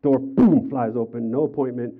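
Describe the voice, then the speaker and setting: An older man preaching a sermon as pastor, telling personal stories with animated, acted-out quotes. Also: medium pitch, normal speed. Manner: animated storytelling, acts out quotes with raised voice. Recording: tinny phone-like sound.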